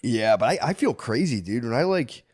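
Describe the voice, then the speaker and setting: A man's voice: very animated, fairly quick, darkish tone, slightly rough, no echo. Rambling, foul-mouthed podcast guy, dry sound. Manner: loose, rambling storytelling with swearing and squeaky voices for his kids. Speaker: podcast co-host. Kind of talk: casual chat.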